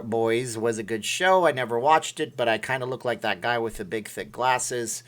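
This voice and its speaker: A man's voice: medium pitch, normal speed, hardly any pauses, a bit bright. A man hosting a casual livestream, rambling and self-deprecating as he thanks viewers by name. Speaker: livestream host.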